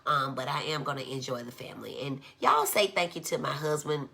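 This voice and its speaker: A woman's voice: a bass voice, a little fast, creaky, pushed and bright. A woman psychiatrist, chatting casually on a live stream and reading viewer comments aloud. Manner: chatty, reads viewer comments aloud, says y'all often. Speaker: child and adolescent psychiatrist.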